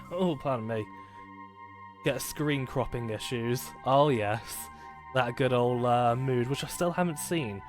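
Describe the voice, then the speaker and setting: A man chatting casually while live-streaming a game, rambling and joking at his own expense, with many fillers and restarts. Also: mid-range voice.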